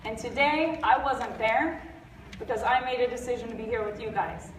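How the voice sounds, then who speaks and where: A middle-aged woman with a fairly high voice delivers a blunt, fired-up, jokey motivational talk from a convention stage at normal speed, sounding stuffy and congested. Her voice is captured from far off in a large, roomy hall, with background noise.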